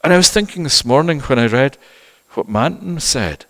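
A middle-aged male pastor giving a sermon, moving from quiet conversational asides to loud, fervent preaching. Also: medium pitch, lively intonation, moderate pace. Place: church. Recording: reverberant church hall.

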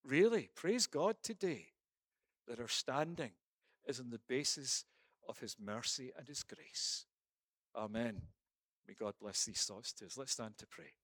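A man's voice: medium pitch, lively intonation, measured pace, fairly bright tone, dry recording. A man preaching a sermon and then leading a prayer, emphatic, with rhetorical questions and repeated phrases.

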